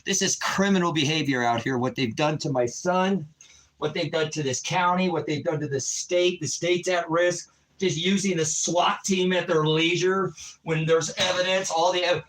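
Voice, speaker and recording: Impassioned pastor, high bright voice. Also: male voice, poor audio. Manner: impassioned, rambling, rises to shouting. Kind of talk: emotional livestream monologue.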